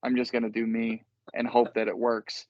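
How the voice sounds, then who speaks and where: A man talks casually as host, rambling through his thoughts and poking fun at himself. His voice sits at an ordinary pitch. The recording is dry and a little muffled, slightly lo-fi. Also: completely flat delivery, normal speed, a little mellow, no echo. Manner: rambling, self-deprecating, laughs easily. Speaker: podcast host. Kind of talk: casual chat.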